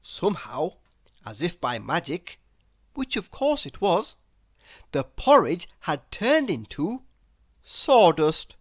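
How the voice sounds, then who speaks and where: Woman narrating a kids' story, slow, very animated pitch swings. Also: breathy edge, no echo. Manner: expressive, animated reading with slow pacing. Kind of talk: children's story read-aloud.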